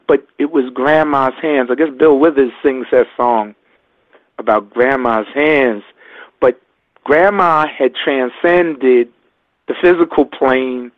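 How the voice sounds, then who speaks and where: A man's voice: mid-range voice, steady tone, no room sound. Older man on a tinny phone line. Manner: halting, repeats his words, reflective. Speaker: guest. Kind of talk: emotional personal storytelling.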